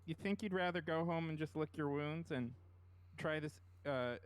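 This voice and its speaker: A man's voice: on the high side, normal speed, clean tone, no room sound. A man playing a tabletop game, talking casually, with hesitant stammers and a playful tone. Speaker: player. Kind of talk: casual tabletop gaming chat.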